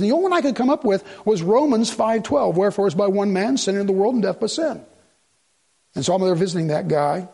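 High husky guy preaching, acts out the back and forth of a story. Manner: animated storytelling, acts out quoted dialogue. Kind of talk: sermon.

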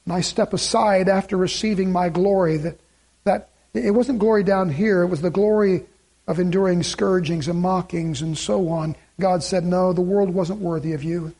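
A male pastor with a high-pitched voice delivers a sermon. He reads scripture aloud and builds to emphatic, repeated phrases. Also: fairly even intonation, moderate pace, mellow. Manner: preaching with rising emphatic repetition.

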